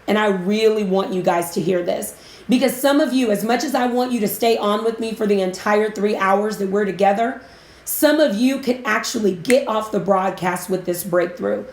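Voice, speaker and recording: A woman coaching business owners on a live broadcast, chatty and emotional, giving shout-outs to viewers. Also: medium pitch, moderate pace. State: emotional, near tears. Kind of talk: casual live-stream talk. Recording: roomy echo.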